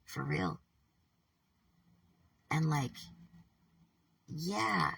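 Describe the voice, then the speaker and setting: A woman with a deeply gravelly, rough and breathy voice, talking to camera in a meandering personal vlog. She swears freely, breaks off mid-sentence and slips into whispers. She sits back from the mic in a dry, dead-sounding room. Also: wildly swooping pitch, a bit bright, distant mic. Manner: halting, profane, trails off, drops to whispers. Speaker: vlogger. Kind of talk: rambling personal monologue.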